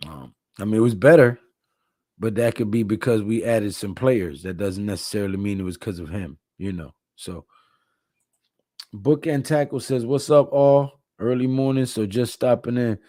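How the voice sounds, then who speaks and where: A man's voice: fairly low pitch, moderate pace, mellow, no echo, clean studio sound. A tired man hosting a casual live stream, reading viewer comments aloud and chatting in a laid-back way. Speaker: livestream host.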